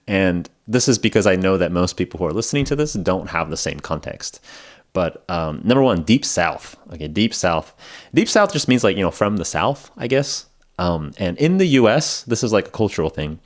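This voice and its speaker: A man hosting an English-learning podcast, talking in a casual, rambling way with lots of fillers and laughing at himself. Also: lowish voice. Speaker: podcast host teaching English. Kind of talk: casual spoken lesson. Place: lives in Japan.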